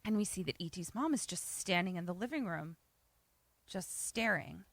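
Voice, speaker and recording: A woman's voice: fairly low pitch, moderate pace, no echo. A woman co-hosting a podcast, casually retelling a film's plot and acting out the quotes, swearing now and then. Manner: animated storyteller, acts out quotes, swears casually. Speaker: podcast co-host.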